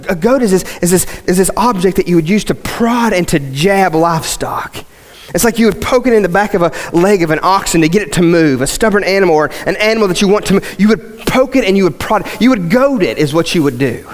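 A pastor from West Virginia, preaching a conversational sermon that rises into impassioned, repeated emphasis. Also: male voice, high-pitched, big-room sound. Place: church sanctuary.

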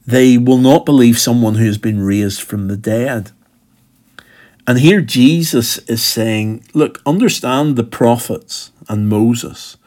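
A man's voice: medium pitch, darkish tone. A man preaching a sermon, walking through a text step by step in a conversational way and sometimes acting out what a speaker might have said. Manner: conversational, explaining step by step and acting out imagined speech.

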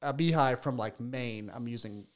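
Regular guy beekeeper rambling on a podcast, keeps restarting his sentences, middle pitch. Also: normal speed. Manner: chatty storyteller, repeats words while restarting. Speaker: beekeeper and bee business owner. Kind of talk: casual podcast interview.

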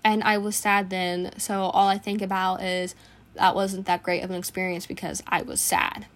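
A woman's voice: medium pitch, flat delivery, moderate pace. A teenage girl hosting her own podcast, talking in an earnest, reflective way in short bursts. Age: teens. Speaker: podcast host. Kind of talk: casual personal monologue.

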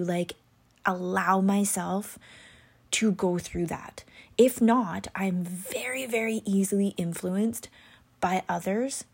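A woman chatting casually about astrology, rambling and full of "like" and "you know", sometimes dropping into soft whispery asides. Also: fairly low pitch, fairly even intonation, takes it slowly, slightly rough. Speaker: astrology content creator. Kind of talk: casual chat.

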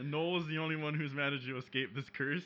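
A man co-hosting a podcast in casual chat, giving mock-serious, deadpan jokes. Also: a little high, brisk. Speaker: podcast co-host. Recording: dull lo-fi podcast audio, faint hiss.

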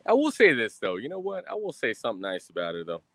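A man's voice: mid-range voice, wildly swooping pitch, normal speed, a bit bright, no room sound. A young man, ranting on a livestream in a boastful, profane, swaggering way. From Texas. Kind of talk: casual rambling livestream rant. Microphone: streaming mic.

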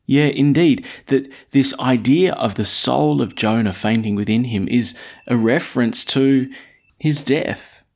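A man's voice: medium pitch, measured pace. Conversational male preacher giving a sermon. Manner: conversational, animated storytelling with rhetorical questions.

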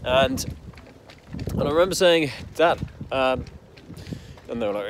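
A young entrepreneur from the English Midlands tells his own backstory in a casual, rambling way, full of fillers and heated swearing. His medium-pitched voice is animated and unhurried, with long pauses, over a noisy background.

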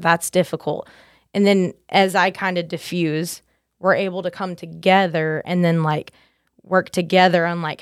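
A woman's voice: fairly low pitch, no echo, studio quality. A woman guest on a podcast, chatting casually and filling her talk with "like". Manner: chatty, many "like" fillers. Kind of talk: casual chat.

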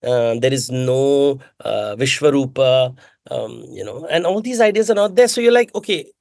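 A man talks in an animated, emphatic way, firing off rhetorical questions and correcting himself mid-sentence. His voice sits in a middle range, and the recording is dry and close. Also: medium pitch, normal speed, vocal fry, no room sound. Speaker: author and mythologist guest. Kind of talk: conversational interview answers.

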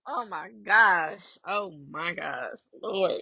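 Animated, cussing woman podcast host. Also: mid-range voice, measured pace, breathy edge, dry recording. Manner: animated, profane, laughing often. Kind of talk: casual gossip commentary.

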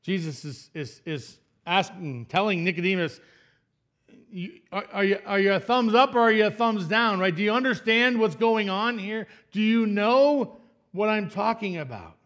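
A man preaching in a church, with a bright, forceful voice that sits a little high for a man. He asks the congregation questions and acts out the people in the story with sudden bursts of energy, then drops to quiet, low asides. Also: moderate pace. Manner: swings from loud emphatic questions to soft low asides. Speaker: pastor. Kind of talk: sermon.

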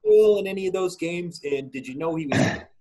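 A man's voice: high-pitched, quick pace, mellow, rough recording. A man hosting a podcast, asking casual, friendly questions about a guest's baseball career. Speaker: podcast host.

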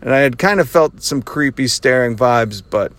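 A father hosting his own podcast tells a laid-back, heavily sarcastic story from behind the wheel, laughing often. His voice sits at a medium pitch, animated and fairly bright, moving at a moderate pace.

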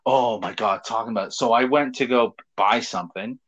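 A man's voice: mid-range voice, normal speed, a bit bright. A man co-hosting a casual talk show, telling stories animatedly, laughing, swearing and acting out quotes. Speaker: podcast co-host. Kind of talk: casual chat, storytelling. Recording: dull lo-fi sound.

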